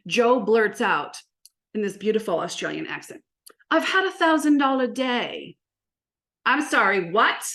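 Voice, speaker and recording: A woman who works as a marketing coach, giving an energetic, animated presentation full of stories and rhetorical questions. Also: mid-range voice. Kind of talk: presentation to an audience.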